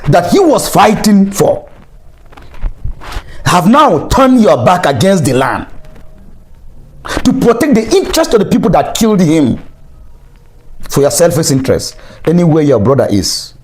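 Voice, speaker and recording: A man's voice: high voice, sing-song, unhurried, pauses often. A young Nigerian man with a Nigerian accent giving impassioned political commentary, angry and preachy, repeating phrases for emphasis. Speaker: online commentator.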